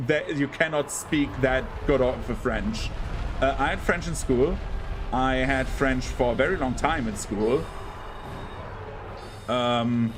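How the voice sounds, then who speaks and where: Rambling man streaming a game. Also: medium pitch. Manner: rambling, full of fillers, bursts into panicked yelps while playing. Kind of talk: casual gameplay commentary.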